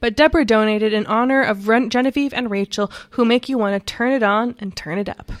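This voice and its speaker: A woman's voice: fairly high pitch, a little fast. A woman hosting a community radio fund drive, bantering playfully and laughing often.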